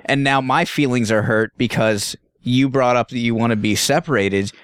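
A man's voice: mid-range voice, normal speed, clean tone, no echo. A man co-hosting a comedy podcast, riffing casually and acting out silly scenarios in different voices. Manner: animated, acts out scenarios in voices. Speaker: podcast co-host.

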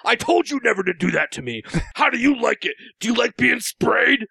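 A man's voice: very high-pitched, very animated, fairly quick, vocal fry, sharp tone, husky, no room sound, pitched above the performer's own voice, exaggerated voice. A man acting out a furious older male coworker who scolds him in a raised voice, as part of telling a story. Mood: scolding. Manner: angry, raised voice.

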